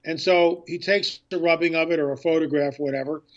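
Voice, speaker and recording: A man guesting on a radio interview as an author and filmmaker, telling a story with excitement and acting out past conversations. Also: a little high, a little fast, highs cut off.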